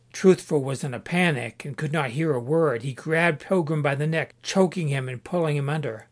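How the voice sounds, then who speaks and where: A man reading a story aloud in a steady, measured narration. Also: fairly high pitch. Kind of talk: scripted audiobook narration.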